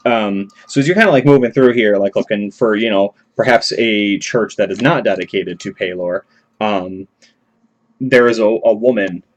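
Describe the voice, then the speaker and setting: A man's voice: fairly low pitch, moderate pace. A man narrating a tabletop game as game master, talking loosely with many fillers. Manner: rambling, many fillers and restarts.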